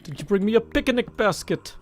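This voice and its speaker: A man putting on a goofy, folksy impression of an old-time male sports star, loud and hammy. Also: high-pitched, animated, brisk.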